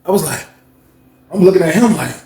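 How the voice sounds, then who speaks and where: Animated high-voiced man telling a story. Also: brisk, echoey room. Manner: animated, acts out quoted voices, slangy street talk. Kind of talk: casual storytelling to camera.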